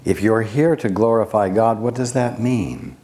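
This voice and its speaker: Slow, deep-voiced man teaching. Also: dark tone. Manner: slow, deliberate, with long pauses and rhetorical questions. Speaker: channeled spiritual teacher. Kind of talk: spiritual teaching talk.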